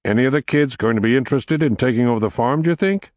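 A man's voice: mid-range voice, fast talker, darkish tone, no room sound, voice pushed up, lightly acted. A man reading the part of an idle, amused grown man who teases offhandedly. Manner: offhand and teasing. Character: casual, amused adult man, farmer's idle brother.

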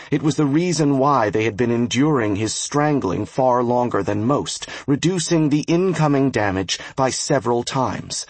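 A man narrating a fantasy game novel as an audiobook, with a steady, even storytelling delivery and a husky voice. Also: medium pitch, dry recording. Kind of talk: scripted narration.

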